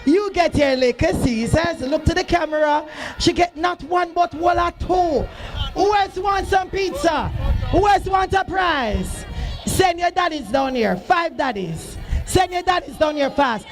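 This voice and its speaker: Brief: Jamaican man emcee, very high voice, loud sing-song hype at an outdoor school sports field, faint music behind. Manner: shouting, sing-song, teasing the crowd. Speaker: event emcee.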